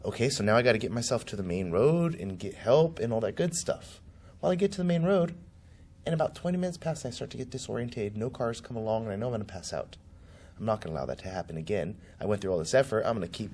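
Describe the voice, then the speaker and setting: A man's voice: fairly low pitch, lively intonation, fast talker, darkish tone, husky. A man being interviewed as a political candidate, telling a personal story vividly and acting out the voices of the people in it. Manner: vivid, acts out quoted voices.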